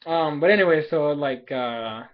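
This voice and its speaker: Young guy rambling through an episode recap, kinda high voice, lots of likes and ums, muffled lo-fi mic. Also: measured pace. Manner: rambling, animated, filler-heavy, laughs often. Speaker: anime episode reviewer.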